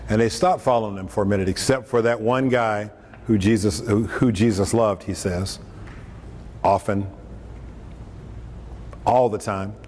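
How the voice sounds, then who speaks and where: A man with a darkish voice on the low side delivers a conversational lunchtime talk on scripture. He jokes in asides and acts out quotes as he preaches. The hall is echoey, there's faint room noise, and the mic sits at a distance.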